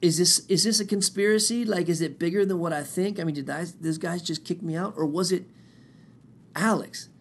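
Gravelly man telling a rambling story. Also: sits high, brisk. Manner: profane, rambling, animated retelling with quoted voices. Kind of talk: casual storytelling monologue.

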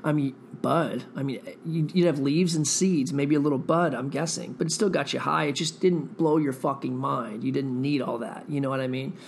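A man's voice: mid-range voice, fairly even intonation, moderate pace, vocal fry, hardly any pauses, a little hiss or hum. A man rambling through a profane, meandering solo monologue, thinking aloud as a podcast host.

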